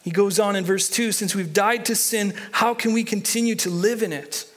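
High-voiced guy preaching, chatty sermon, lots of repeats and restarts, gets the room to read along. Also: fairly even intonation, normal speed, a bit bright. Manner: conversational, repeats key lines, stumbles on restarts; leads the congregation in reading and call-and-response. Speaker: pastor.

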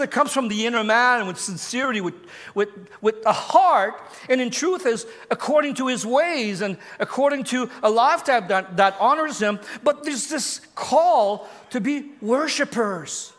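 A preaching man with a notably high voice, delivering a sermon with lively, searching questions to his congregation. His words ring out with a long reverb, as in a large hall or church. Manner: animated preaching, asks the crowd questions, repeats words. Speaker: pastor.

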